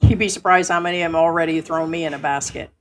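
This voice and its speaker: A woman's voice: sits low, steady tone, fast talker. A woman hosting a casual live stream from home, talking bluntly and swearing freely as she reads viewer comments.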